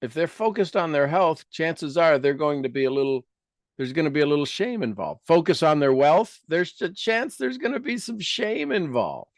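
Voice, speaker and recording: A man leading a self-help talk, guiding listeners through exercises and asking rhetorical questions, with his loudness rising and dropping. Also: on the high side, sing-song, moderate pace, no room sound, studio quality. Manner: rhetorical questions, repeats phrases for emphasis. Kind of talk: coaching talk with guided exercises.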